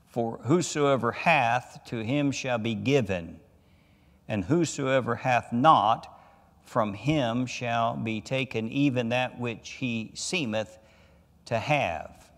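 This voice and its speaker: In a church sanctuary, a male pastor with a mid-range voice teaches a Bible study sermon, his words filling a large hall. He reads scripture deliberately, rising in emphasis on key words.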